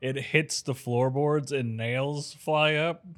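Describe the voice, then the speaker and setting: A man's voice: medium pitch, steady tone, takes it slowly, fairly bright tone. A man in casual movie-review banter, dry and wry, laughing along with his friend. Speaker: podcast co-host.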